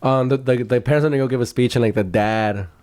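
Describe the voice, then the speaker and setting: A man's voice: medium pitch, fast, darkish tone. A man co-hosting a podcast in casual chat, rambling through stories with lots of "like". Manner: rambling storyteller, lots of fillers. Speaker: podcast co-host.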